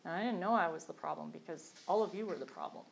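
A woman's voice: on the low side, quick pace, creaky, poor audio. A middle-aged woman candidly sharing her recovery journey, earnest and self-deprecating, with many fillers and restarts. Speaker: recovery program member sharing her story. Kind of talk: candid personal testimony.

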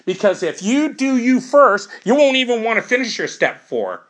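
This is a woman speaking to a recovery group in plain, everyday words, working through the steps one by one. She keeps returning to examples from her own life. Her voice swings widely in pitch as she talks. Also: sing-song, moderate pace. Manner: conversational, explains through first-person examples. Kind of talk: informal talk on recovery steps.

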